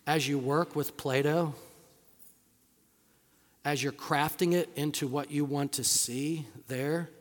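A middle-aged male pastor preaching a sermon in a conversational style, firing rhetorical questions and moving between emphatic points and hushed asides. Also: on the high side, steady tone, slow pace, long pauses. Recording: long reverb of a large hall.

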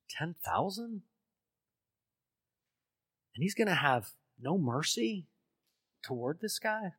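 A man preaching a sermon, telling a parable and acting out its voices, swinging from loud pleading to hushed tones and questioning his listeners. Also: high voice. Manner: asks the congregation questions. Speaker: pastor.

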